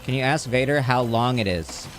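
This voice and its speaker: A young male streamer at an everyday mid pitch, chatting and joking loosely with his viewers. His talk rambles and jumps to excited outbursts, with faint music in the background. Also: normal speed. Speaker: livestream host. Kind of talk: casual gaming livestream chat.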